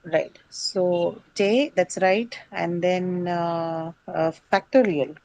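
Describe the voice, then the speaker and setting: A woman's voice: lowish voice, steady tone, extremely slow, a little mellow, no echo, poor audio. A woman teaching an English class, quizzing and correcting her students on word stress.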